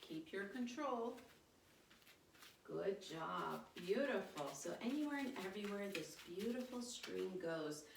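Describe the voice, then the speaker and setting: A woman's voice: medium pitch, expressive, unhurried, gravelly. Woman doing kids yoga storytime, upbeat n encouraging, mic kinda far off, faint noise behind. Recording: echoey room, distant mic, faint background noise.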